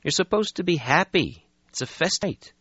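A man's voice: on the high side, lively intonation, normal speed, pushed and bright, breathy edge, no echo, voice pushed up, full character voice. A man voicing a brash young male American vampire in an audiobook, impatient and dismissive. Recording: slightly muffled lo-fi audio.

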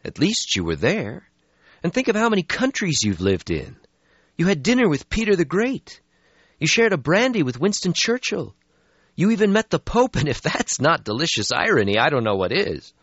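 A man's voice: on the high side, big pitch swings, normal speed, fairly bright tone, slightly rough, no echo, voice pushed up, exaggerated voice. A man voicing a brash young male American vampire in an audiobook, impatient and dismissive. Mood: cajoling. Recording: slightly muffled lo-fi audio.

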